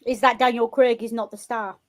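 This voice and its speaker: A British woman talking films with a co-host in a relaxed, chatty way. Her voice sits a little high, and she is blunt and swears casually. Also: brisk. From Britain. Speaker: podcast co-host. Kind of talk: casual film chat.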